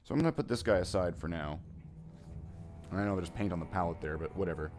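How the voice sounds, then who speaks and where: A man's voice: low voice, quick pace, pauses often, darkish tone, soft background music. A man chatting casually while painting miniatures on a hobby stream, rambling and joking as he thinks aloud.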